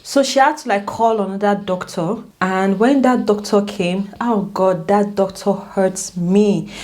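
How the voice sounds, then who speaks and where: A woman vlogger telling a personal story in a casual, emotional way, with many restarts and big swings in pitch. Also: unhurried, a little mellow.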